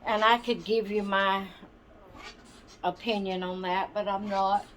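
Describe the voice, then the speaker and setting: A woman's voice: mid-range voice, fairly even intonation, a little slow, fairly bright tone, a little hiss or hum. A woman hosting her doll channel, chatting casually and rambling to viewers with plenty of ums and asides. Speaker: doll channel vlog host.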